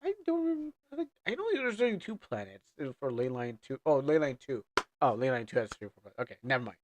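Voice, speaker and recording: A man's voice: mid-range voice, very animated, fast, background noise. A man streaming a game live and chatting casually, rambling, stammering and repeating his words as he thinks aloud.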